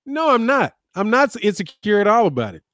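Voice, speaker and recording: A man's voice: high-pitched, very animated, a little fast, fairly bright tone, dry recording. A man in his fifties, a lawyer hosting a boxing channel, ranting back at viewers with combative, sarcastic name-calling. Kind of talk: ranting commentary replying to viewers.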